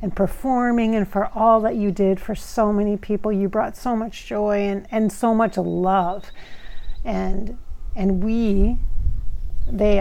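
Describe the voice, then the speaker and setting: A woman hosting a casual spirit-channeling session as a medium, effusive and full of thanks, with frequent soft laughter. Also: medium pitch, vocal fry. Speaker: psychic medium and channel host.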